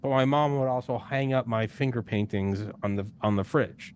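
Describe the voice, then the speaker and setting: A man's voice: mid-range voice, fairly even intonation, a little fast. A young adult man who hosts a podcast, talking bluntly and emphatically in a casual roundtable, swearing often. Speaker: podcast host guest. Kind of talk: casual discussion.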